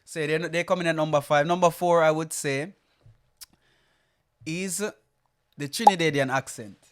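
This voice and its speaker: A young Jamaican man co-hosting a casual podcast chat, easygoing and quick to laugh. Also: fairly high pitch, steady tone, clean tone. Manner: easygoing, laughs often, thoughtful. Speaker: podcast co-host.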